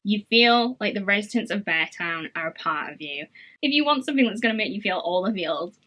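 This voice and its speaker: A woman's voice: mid-range voice, animated, a little fast, fairly bright tone, low-quality recording. A young woman reviewing her favorite books in a casual, gushing chat to camera, full of fillers and enthusiasm. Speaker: book reviewer.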